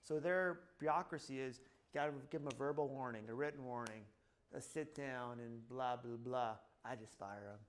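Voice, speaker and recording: A man's voice: mid-range voice, moderate pace, slight background noise. A middle-aged man, a chiropractor, talking casually to a room and telling stories from his practice, acting out quoted lines and saying "blah, blah" often. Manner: storytelling with acted-out quotes, repeats "blah, blah". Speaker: chiropractor speaking at a seminar.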